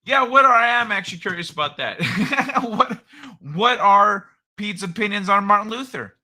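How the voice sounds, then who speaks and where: A man's voice: high-pitched, lively intonation, normal speed, bright, forceful tone. A man hosting a live stream, chatting loosely and profanely in a rambling, joking way. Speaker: streamer host. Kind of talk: casual live-stream chat.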